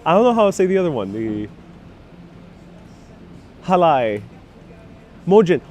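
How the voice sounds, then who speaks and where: A man hosts a casual live stream outdoors on busy city streets, reading viewer comments while chatting upbeat and laughing often, with faint traffic in the background. His darkish voice is on the high side and very animated, yet his pace is measured with long pauses. He uses a wireless clip-on mic and a phone on a gimbal.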